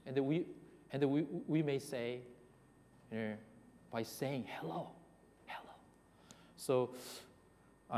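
A man with a Korean accent preaches a sermon in a reverberant church hall, his voice sitting at an ordinary middle pitch. He talks haltingly, repeating and restarting words as he goes, and often turns to ask the congregation questions. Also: a little mellow, slight background noise.

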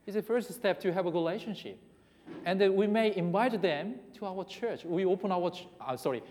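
A man with a Korean accent giving a sermon, talking in a halting way that restarts and repeats words and putting questions to the congregation. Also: sits high, darkish tone. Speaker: preacher. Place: church hall. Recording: reverberant hall.

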